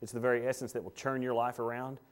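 A man preaching a sermon as pastor, impassioned and emphatic, swinging from loud high pleading to low hushed intensity. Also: level tone, fast talker.

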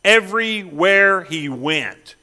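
Bright-voiced man preaching a sermon. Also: sits high, lively intonation, slow pace, long reverb tail. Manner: emphatic, rhetorical questions, repetitive cadence. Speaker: pastor.

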